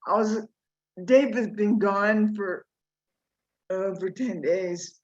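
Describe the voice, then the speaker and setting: A woman sharing her spiritual reflections in a study group, halting and thoughtful, over a video call. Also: mid-range voice, darkish tone. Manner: halting, thoughtful, pauses often. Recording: dull lo-fi call audio.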